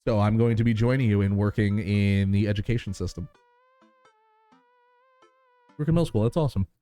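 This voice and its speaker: A man's voice: on the low side, a little fast, warm tone, dry recording, soft background music. A man with a New York accent streaming a game live, chatting casually with his viewers, laughing and swearing easily.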